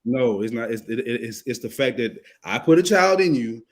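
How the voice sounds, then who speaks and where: Male panelist, defensive, argues back, average pitch. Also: animated, normal speed. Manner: defensive, pushes back, voice drops low when he argues. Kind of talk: heated panel discussion.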